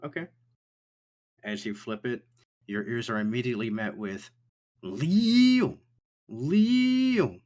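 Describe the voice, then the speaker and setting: A man narrating a tabletop game as game master, describing things quickly with frequent fillers. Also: fairly low pitch, flat delivery.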